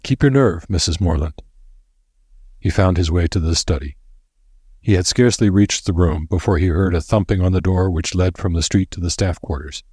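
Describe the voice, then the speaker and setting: Deep, husky male audiobook narrator. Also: brisk, no echo, studio quality. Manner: steady, even reading.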